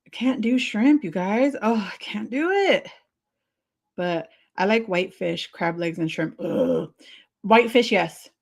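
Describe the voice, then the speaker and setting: A woman hosting a casual livestream, chatty and excitable, laughing often as she answers viewer comments. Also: mid-range voice, measured pace, vocal fry. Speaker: livestream host.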